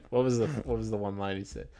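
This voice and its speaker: A man's voice: fairly low pitch, creaky, warm tone. A young man co-hosting a podcast, chatting casually about a movie, rambling with restarts and mock quotes. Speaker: podcast co-host. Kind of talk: casual movie review chat.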